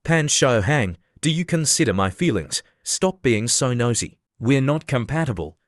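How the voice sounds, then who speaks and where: A man's voice: medium pitch, sing-song, moderate pace, no room sound, close to an everyday voice. A cool, firm young woman cuts off a pushy suitor with short, dismissive lines, as a male narrator voices her. The read sits close and dry in a mid register. Every sentence is clipped and final. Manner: curt, dismissive.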